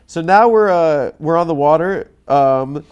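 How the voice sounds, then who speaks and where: Male comedy host with a cold; deadpan, halting, higher voice. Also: clean tone, lo-fi sound. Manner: deadpan, halting, stumbling on purpose. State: has a cold. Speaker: comedy talk show host. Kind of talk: deadpan comedy chat and ad read.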